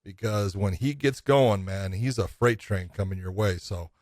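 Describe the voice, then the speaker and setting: A man's voice: on the low side, moderate pace, a little mellow, dry recording, clean studio sound. A middle-aged man co-hosting a casual podcast about fighting, talking with enthusiasm, repeating himself and swearing casually. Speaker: podcast co-host. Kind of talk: casual MMA podcast chat.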